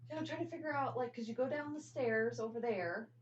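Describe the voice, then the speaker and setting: A woman's voice: fairly high pitch, brisk, a little hiss or hum. A woman from the house's family tells stories in a chatty, rambling way and keeps the talk casual. She is indoors in an old house. The recording is slightly muffled and lo-fi. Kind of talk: casual storytelling chat.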